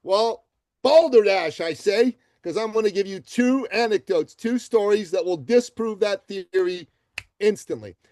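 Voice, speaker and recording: A man from Iran, a podcast guest, telling success stories with animated, emphatic delivery. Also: high-pitched, normal speed, no room sound. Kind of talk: energetic storytelling interview answers.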